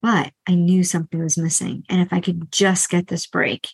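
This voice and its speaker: In a frank solo podcast, a financial coach in middle age opens up earnestly about her past debt, frequently starting over and adding brief asides. She speaks on the low side with a level tone, some vocal fry, and a slightly rough edge, captured on a rough recording.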